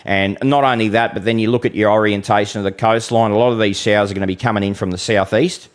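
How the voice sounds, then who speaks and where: A man's voice: lowish voice, fairly even intonation, quick pace, clean tone. An Australian man hosting a live weather stream, talking bluntly and chattily to viewers, calling them mate. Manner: occasional mild swearing. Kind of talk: casual live-stream forecast with audience Q and A.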